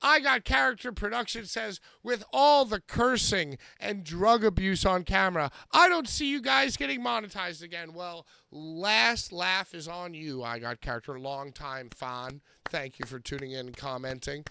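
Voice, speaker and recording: A man's voice: high voice, normal speed, vocal fry, few pauses, pushed and bright, clean tone, dry recording. A man hosting a casual wrestling talk show, loose and profane as he reads out viewer comments and plugs merch over a remote mic. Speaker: podcast host.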